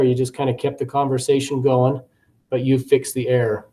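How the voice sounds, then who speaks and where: A man's voice: mid-range voice, little pitch movement, fairly quick, dark tone. A man giving recorded course commentary as a teacher educator, talking conversationally with frequent fillers, repeated words and acted classroom examples.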